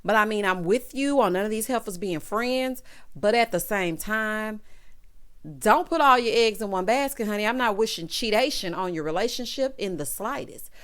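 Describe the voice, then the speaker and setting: Casting note: woman vlogger, sassy recap commentary, mid-pitched voice, playful asides, quick laughs. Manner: sassy, drawling asides of "child" and "honey"; laughs at her own jokes. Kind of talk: casual opinionated commentary.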